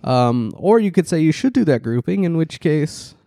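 Animated man riffing on a podcast. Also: moderate pace, gravelly, dry recording, clean studio sound. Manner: animated, ironic, restarts and leaps in pitch for emphasis; acts out quoted people in mocking voices. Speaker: podcast co-host. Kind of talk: casual political podcast chat.

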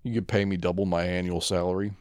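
A man co-hosting a podcast in casual chat, laid-back and profane with deadpan asides. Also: sits low, fast, clean tone, dry recording, clean studio sound. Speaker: podcast co-host.

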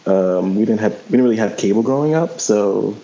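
A man guest-hosts a casual podcast in a very low voice. He talks hesitantly, often restarting his sentences. The sound is dull and lo-fi. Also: lively intonation, fairly quick, mellow. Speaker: guest co-host.

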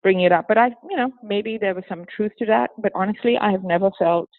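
Woman guest from Singapore, hybrid accent with a touch of British, lively and chatty, dry tinny phone-like sound. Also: mid-range voice, quick pace, dry recording. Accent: hybrid with a hint of British. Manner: animated, laughs often, breaks into acted quotes. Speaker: interview guest, former teacher. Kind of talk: casual interview conversation.

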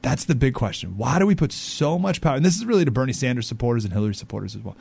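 Lively, indignant male talk radio host. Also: medium pitch, racing, vocal fry, hardly any pauses, breathy edge. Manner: animated, indignant, acts out quotes.

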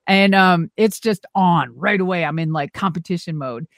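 Lively middle-aged woman telling stories. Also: fairly low pitch, normal speed, no room sound. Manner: animated, swears freely, acts out quotes. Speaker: interview guest; former wrestler and monster truck driver. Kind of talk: casual storytelling.

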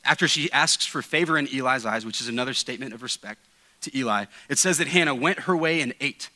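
Bright-voiced man preaching with emphasis. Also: medium pitch, quick pace, rough recording. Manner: earnest, emphatic, with frequent restarts and asides. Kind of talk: sermon. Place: church sanctuary.

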